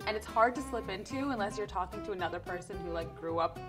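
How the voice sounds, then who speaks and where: A woman's voice: medium pitch, quick pace, over music. A woman talking casually to camera, explaining how people in her region speak. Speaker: interviewee. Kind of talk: casual talk to camera about accents.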